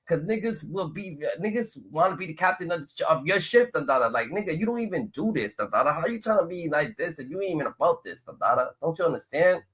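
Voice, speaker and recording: A man joins a live stream as co-host and speaks in a profane, rambling way, tacking "da, da, da" onto his phrases. His voice is bright and tense and pitched a little high for a man. He swears freely as he talks. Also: lively intonation, quick pace, few pauses, breathy edge. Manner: peppers every phrase with "da, da, da", profane. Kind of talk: heated live-stream commentary.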